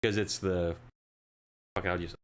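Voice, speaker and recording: Laid-back game master. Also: male voice, low voice, steady tone, a little slow. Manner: loose, chatty, with filler words. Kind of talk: narrating a tabletop game.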